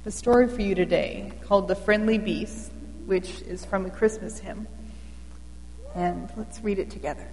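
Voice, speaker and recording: A woman reading a Christmas hymn story aloud in a slow, gentle, devotional way. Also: medium pitch. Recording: long hall reverb.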